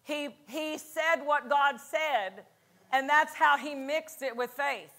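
A woman's voice: high-pitched, slow pace, bright, forceful tone. A woman pastor preaching a fervent sermon at a conference, repeating lines and calling out for an amen. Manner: fervent, repetitive, call-and-response. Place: church conference hall.

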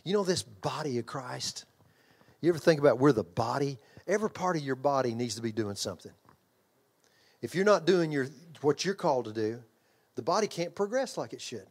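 Man, middle-aged, preacher, sermon in a church, animated storytelling. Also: mid-range voice, a little fast, husky. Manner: animated storytelling, yells and laughs at own story. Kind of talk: sermon with altar call. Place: church hall.

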